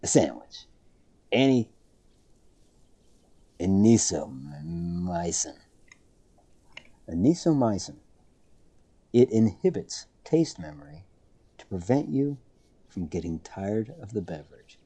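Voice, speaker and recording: A man's voice: fairly low pitch, sing-song, unhurried, warm tone, breathy edge. A man streaming a game, telling a rambling story with dry humor and frequent self-corrections. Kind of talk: casual storytelling while streaming.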